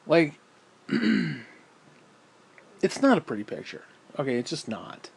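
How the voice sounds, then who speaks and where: A man's voice: medium pitch, huge pitch swings, takes it slowly, breathy edge. A man telling a rambling story at home in a casual vlog, swearing freely and sighing often. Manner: profane, rambling, frequent sighs. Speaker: vlogger. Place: at home, indoors.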